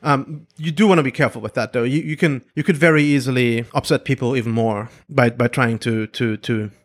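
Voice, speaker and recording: A man's voice: mid-range voice, brisk. A man co-hosting a podcast, talking casually and earnestly as he gives advice, with small restarts. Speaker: podcast co-host.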